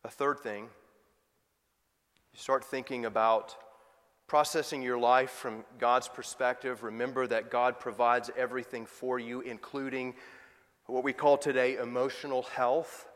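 A male pastor preaching a sermon, moving from loud emphatic questions to soft, quiet asides. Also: mid-range voice, flat delivery, a little slow, in a large hall.

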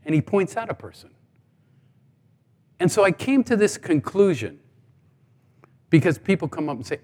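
A man's voice: fairly high pitch, very animated, normal speed, pauses often, a little mellow. A middle-aged man giving a sermon testimony, telling stories and acting out the dialogue with humor. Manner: storytelling, acts out dialogue with humor. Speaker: guest speaker. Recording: long hall reverb.

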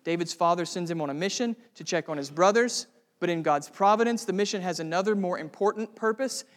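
A man's voice: sits high, fairly quick, in a large hall. A male pastor preaching a sermon, earnest and building to fervent emphasis.

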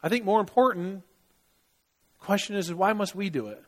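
A man's voice: sits high, normal speed. A man preaching a sermon in a conversational way, asking his listeners rhetorical questions. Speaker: pastor.

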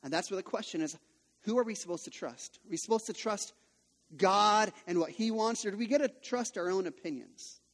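A male pastor in his thirties delivers a sermon with a notably high voice, mixing personal stories with repeated rhetorical questions. His voice rings out with a long hall reverb, as if in a church auditorium. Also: a little fast. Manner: conversational storytelling with rhetorical questions.

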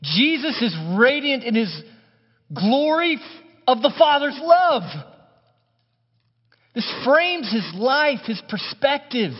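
A man preaching a sermon in an animated, conversational way, with touches of humor. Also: extremely high pitch, takes it slowly, pauses often, slightly rough. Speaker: pastor. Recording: muffled hall recording with long reverb.

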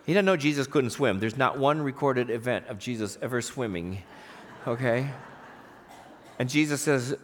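A man's voice: medium pitch, animated, moderate pace, pauses often. A man pastor preaching a sermon, telling a story with animation and acting out the voices in it.

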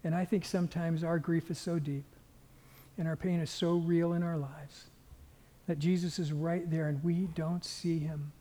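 A man's voice: on the high side, level tone, moderate pace, mellow. A man preaching a sermon as pastor, earnest and at times dropping to a near whisper. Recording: long reverb of a large hall.

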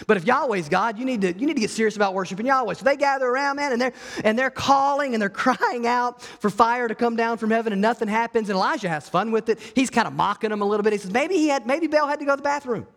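A man preaching a sermon as pastor, telling the story in an animated way and acting out the voices. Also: very high-pitched, fast talker, big-room sound.

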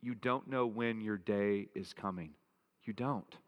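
A man's voice: on the low side, unhurried, muffled recording. Man preaching in a reverberant hall. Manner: earnest, emphatic preaching with repeated phrases. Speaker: pastor. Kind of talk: sermon.

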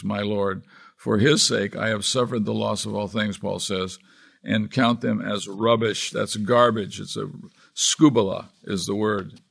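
A man's voice: on the low side, gravelly, fairly bright tone. A man preaching a sermon as pastor, earnestly reading and explaining scripture verse by verse.

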